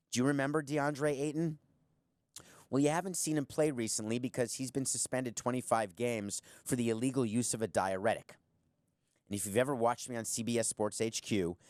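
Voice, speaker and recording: A man's voice: mid-range voice, a little mellow, no echo. Middle-aged male host, punchy and sarcastic commentary monologue, dry studio sound. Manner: sarcastic, emphatic, talks straight to the viewer. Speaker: show host, former team owner. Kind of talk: opinionated sports commentary monologue.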